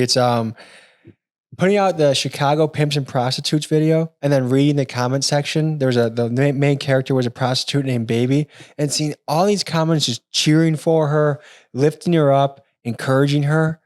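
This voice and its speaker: A man hosting a podcast, asking questions in a measured, articulate way. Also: medium pitch, darkish tone, no room sound, studio quality. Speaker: podcast host. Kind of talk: interview questions.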